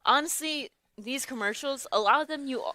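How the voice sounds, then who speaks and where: A woman's voice: high-pitched, normal speed, pushed and bright, dry recording. A young adult woman hosting a radio talk show in a studio, chatting casually, often laughing and searching for words. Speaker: radio host. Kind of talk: casual chat. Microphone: studio microphone.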